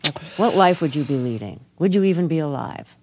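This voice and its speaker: An interviewer asking plain, measured questions with small stumbles, then reading a closing note. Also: medium pitch, expressive, slight background noise. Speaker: radio interviewer.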